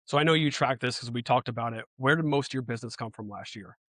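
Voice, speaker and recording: Quick-talking man interviewer. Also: medium pitch, a bit bright, no echo. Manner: conversational, chiming in with follow-ups. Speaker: interviewer, host. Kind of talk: casual interview chat.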